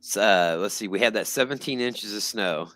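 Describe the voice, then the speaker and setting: A man's voice: fairly low pitch, moderate pace, bright, forceful tone. A man co-hosting a podcast, telling stories in casual conversation. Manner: storytelling, conversational. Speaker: podcast co-host. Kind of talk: casual chat.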